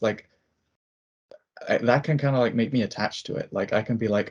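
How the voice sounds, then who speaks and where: Husky young man rambling with fillers. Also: medium pitch, moderate pace, long pauses. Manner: rambling, many "like" fillers and restarts. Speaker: student. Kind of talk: casual chat. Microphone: video call.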